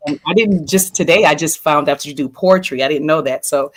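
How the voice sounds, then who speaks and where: A woman guest on a radio show who talks casually about her events, with measured pacing and filler pauses. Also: deep voice, slight background noise.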